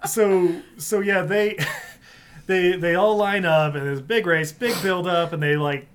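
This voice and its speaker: A man casually recapping a film plot for friends on a podcast, animated and laughing, with many restarts. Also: sits high, measured pace, smooth. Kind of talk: casual chat.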